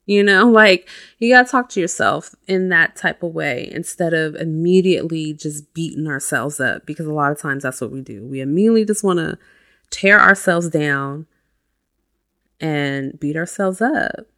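Woman host, chatty self-help monologue, low and gravelly voice. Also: moderate pace, a bit bright. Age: adult with a child. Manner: chatty, uses lots of "you know" and "like". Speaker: podcast host.

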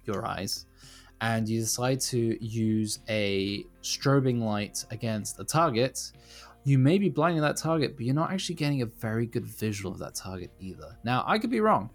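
A man's voice: mid-range voice, animated, moderate pace, soft background music. Rambling man on a casual podcast. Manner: rambling, self-deprecating, laughs often. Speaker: podcast co-host.

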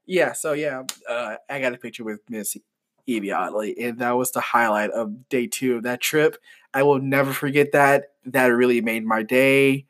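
A young man who works as a flight attendant, telling an excitable, rambling story full of restarts and fillers. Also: medium pitch, normal speed. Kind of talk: casual storytelling vlog.

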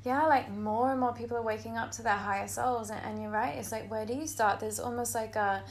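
A woman's voice: on the high side, steady tone, a little fast. A young woman, hosting a casual podcast chat, gushing and full of "like" fillers. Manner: chatty, gushing, many "like" fillers. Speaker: podcast host.

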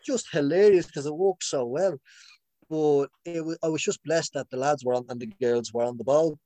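A man's voice: medium pitch, brisk, darkish tone, dry recording. A young man chatting casually, rambling with lots of restarts and laughs. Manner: rambling, many restarts and fillers; laughs often. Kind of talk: casual chat.

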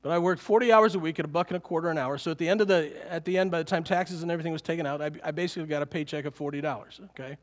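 A middle-aged man preaching a sermon to a congregation, lively and animated, often chuckling. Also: on the high side, rapid-fire, few pauses. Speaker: pastor.

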